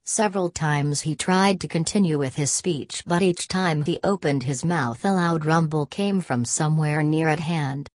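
A woman narrating a children's storybook in a clear, measured way. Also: low-pitched, darkish tone, dry recording. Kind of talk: storybook reading.

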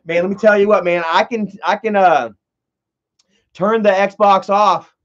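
A young man hosts a loose, profane commentary in a rambling, excitable way. His voice sits high for a man. The recording is dull and lo-fi. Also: measured pace. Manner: rambling, heavy swearing, excitable. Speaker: commentary host.

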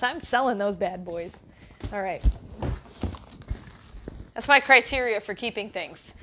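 A woman's voice: mid-range voice, animated, unhurried, long pauses, pushed and bright, a little hiss or hum. A woman reseller chatting cheerfully through an unboxing on a lapel mic, upbeat and teasing. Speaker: online reseller. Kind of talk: casual unboxing chat.

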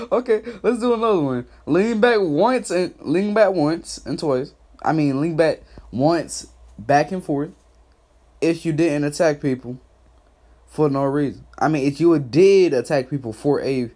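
A young man rants at the people in a live stream, mocking and laughing as he calls them out. He keeps his voice pitched higher than his natural deep register. The delivery is crude, loose and profane. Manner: mocking, laughing, loud call-outs; put-on higher voice instead of his deep one. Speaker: YouTube commentator. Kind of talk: profane trash-talk commentary.

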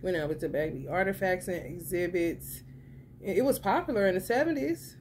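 A woman chatting casually to her viewers as a tarot reader, animated and profane, breaking into excited retellings. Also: normal speed, a little hiss or hum. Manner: animated, profane, swings into excited high-pitched retellings with laughter. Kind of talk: casual spiritual chat to viewers.

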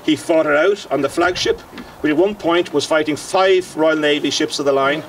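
A man's voice: a little high, moderate pace, a bit bright, recorded from a distance, slight background noise. A middle-aged Irish man, a historian, delivering a passionate commemorative address outdoors with emphatic lecturing and frequent fillers.

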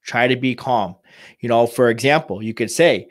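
A man who works in home care, giving informal advice to families and talking in halting bursts full of restarts and fillers. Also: medium pitch, expressive, dry recording, studio quality. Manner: halting, many restarts and "you know" fillers.

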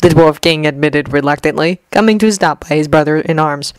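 A woman reading a fanfiction story aloud at a gentle, even pace, lightly acting out the dialogue. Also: sits low, a little fast, clear, resonant tone, dry recording, rough recording. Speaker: fanfiction reader.

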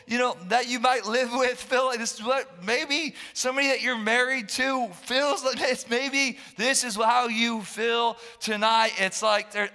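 A man preaching a sermon as a pastor, passionate and often yelling, joking with his congregation. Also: extremely high pitch, steady tone, unhurried, few pauses. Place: church hall. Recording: long reverb of a church hall.

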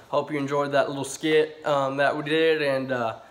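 A man's voice: mid-range voice, level tone, normal speed. Man signing off a video. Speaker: video creator. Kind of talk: casual video sign-off. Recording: distant mic with outdoor vehicle noise.

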